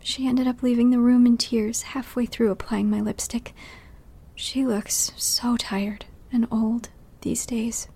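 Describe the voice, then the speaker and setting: A woman narrating a scripted story in a hushed voice that often drops to a whisper. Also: on the high side, level tone, measured pace, creaky, husky. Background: music.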